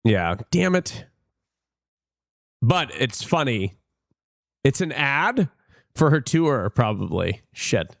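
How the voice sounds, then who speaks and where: A man reacts to clips on a stream in a chatty, wandering way, thinking out loud. His voice rises and falls with a lot of movement. The sound is close and dry, with no room echo. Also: mid-range voice, takes it slowly, creaky, long pauses. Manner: chatty, animated, wondering aloud. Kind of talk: casual live-stream commentary.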